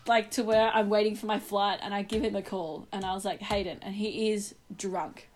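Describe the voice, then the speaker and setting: A woman's voice: medium pitch, normal speed. A young woman co-hosting a casual podcast, telling a story with frequent laughter. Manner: animated storyteller, laughs often. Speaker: podcast co-host.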